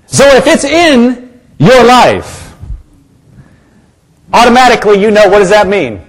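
A man's voice: high voice, sing-song, a little slow, pauses often. A man preaching a sermon, emphatic and repetitive, calling on the congregation to respond. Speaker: pastor.

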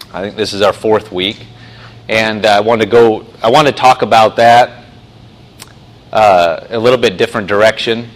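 A man preaching a sermon in a conversational way, often restarting and slowing down to stress phrases. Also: fairly low pitch, a bit bright, rough recording. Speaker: pastor.

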